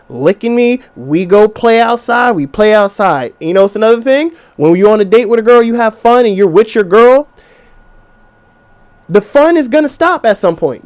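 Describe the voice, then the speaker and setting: A young man with a high voice talks straight to his listeners in a loose podcast monologue. He swears freely and slips into voices of the people he describes, and his delivery stays casual and animated. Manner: profane, animated, acts out quoted voices. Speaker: podcast host.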